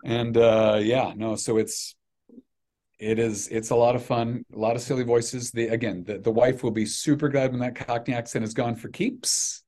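A middle-aged man talking as a podcast guest, an animated, self-deprecating storyteller who restarts his sentences a lot. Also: mid-range voice, moderate pace. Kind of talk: casual chat.

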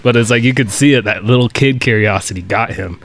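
A man's voice: mid-range voice, brisk, a crowd in the background. A man hosting a podcast, telling job-site stories casually and swearing freely. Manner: swears freely, acts out quotes. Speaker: podcast host. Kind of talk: casual storytelling chat.

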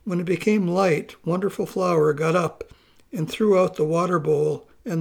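Gravelly-voiced male storyteller. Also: sits high, moderate pace. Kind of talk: storytelling narration.

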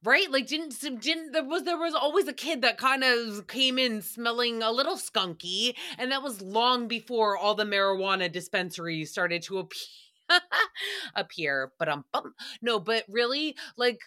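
Bright-voiced woman chatting casually. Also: fairly high pitch, normal speed, hardly any pauses. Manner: giggly, rambling storyteller who breaks into laughter. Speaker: podcast recap host. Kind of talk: casual chat.

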